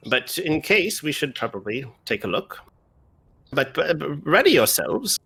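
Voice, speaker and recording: Husky man playing a tabletop game. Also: fairly high pitch, a little slow. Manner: lively, hesitant with fillers. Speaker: player.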